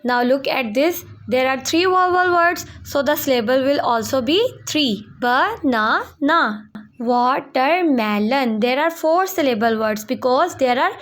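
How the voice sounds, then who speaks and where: A young woman teaches a school lesson in a high, clear voice. She draws out each example word slowly for the pupils. Her explanations in between come quickly. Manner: slow, drawn-out words for pronunciation practice; switches quickly between English and Hindi explanations. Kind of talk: classroom lesson video.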